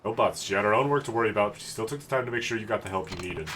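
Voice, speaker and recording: A man streaming a video game, reading the characters' lines aloud and breaking into crude, loud outbursts. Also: lowish voice, racing. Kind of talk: game playthrough voicing characters. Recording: noisy stream audio with clicks.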